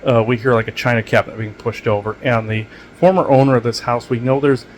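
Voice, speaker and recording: Hosting his channel, a man talks quickly at medium pitch over slight background noise. He wanders through a casual monologue with lots of fillers and false starts, treating strange experiences as no big deal.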